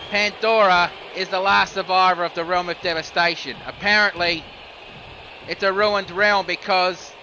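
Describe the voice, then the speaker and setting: A man's voice: high-pitched, noisy background. A man doing solo play-by-play commentary of a video game wrestling match, calling each move steadily and rising sharply on near falls and reversals.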